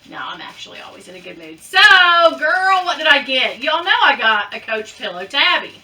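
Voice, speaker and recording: Bright-voiced chatty woman vlogger. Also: high voice, distant mic. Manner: chatty, playful, talks to viewers as girlfriends. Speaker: unboxing vlogger. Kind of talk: casual chat.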